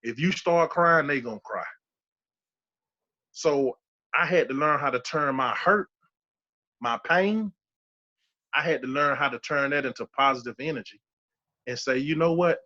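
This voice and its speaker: A man's voice: medium pitch, a little slow, long pauses, bright, forceful tone, muffled recording. A man in his thirties telling his personal survival testimony as a podcast guest, emphatic and repeating key phrases for weight. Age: 30s.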